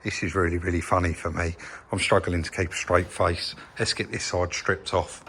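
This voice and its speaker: A man's voice: deep voice, steady tone, normal speed. Chatty English man in a workshop. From England. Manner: chatty, explains while pointing things out. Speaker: vehicle repair channel host. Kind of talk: casual walkthrough vlog. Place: vehicle workshop, indoors.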